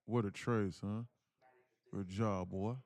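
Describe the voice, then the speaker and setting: A man hosts a live day-trading stream, talking casually and animatedly, reading chat messages aloud and using slang with the odd curse. His voice is on the low side and slow.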